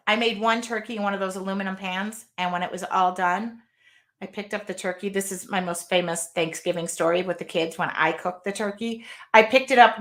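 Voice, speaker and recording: A woman's voice: medium pitch, a bit bright. A woman hosting a casual live unboxing from her art studio, chatty and rambling as she reads out viewer comments. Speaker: craft video host.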